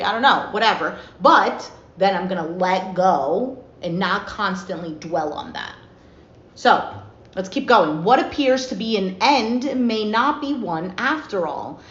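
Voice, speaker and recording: A woman giving a casual tarot reading, chatty and animated, acting out little everyday dialogues as she talks. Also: fairly high pitch. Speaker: tarot reader. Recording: roomy, slightly dull with faint noise.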